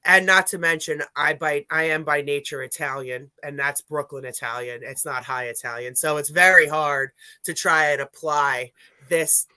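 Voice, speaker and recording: A speaker with a bright, forceful voice tells a meandering story in casual live-stream chat, stopping to correct themself and then picking up energy when recounting what people said. The sound is close and dry, with no room around it. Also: medium pitch, steady tone, normal speed, clear, resonant tone, no room sound. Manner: rambling, self-correcting storyteller. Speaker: paranormal investigator.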